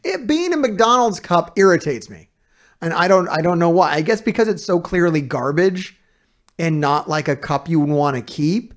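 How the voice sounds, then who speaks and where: A man's voice: a little high, expressive, normal speed. A man reacting to a video as a streamer, ranting in casual, heavily profane and exasperated commentary.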